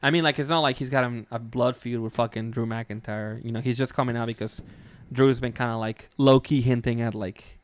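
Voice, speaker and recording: A man's voice: mid-range voice, fairly even intonation, a little fast, hardly any pauses, dry recording. A man hosting a wrestling podcast in loose, casual chat, with lots of fillers and frequent laughs. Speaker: podcast host.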